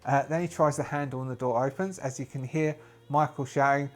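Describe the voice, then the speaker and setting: A man talks through a solo tabletop role-play game, improvising the scene as he goes. He pauses, restarts and thinks aloud in a middle-pitched voice, with faint music underneath. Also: fairly even intonation.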